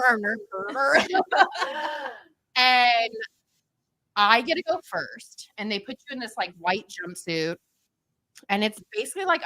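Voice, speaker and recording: A woman co-hosting a podcast tells a crude, funny story in casual conversation, animated and acting out the voices. Her voice sits at a medium pitch, and the low-quality recording has no room sound.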